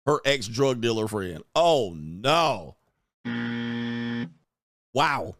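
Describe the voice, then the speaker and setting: A man's voice: mid-range voice, big pitch swings, very slow, fairly bright tone, dry recording. Sneering man in a dry booth. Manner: coarse, sneering, laughs at what he reads. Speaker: host reacting to online clips. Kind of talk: crude mocking reaction commentary.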